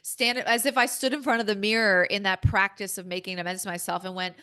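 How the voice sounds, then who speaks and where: A woman's voice: medium pitch, fairly even intonation, fairly quick, bright, forceful tone, smooth. A woman speaking as a podcast guest, candid and emphatic, acting out her own inner dialogue as she talks.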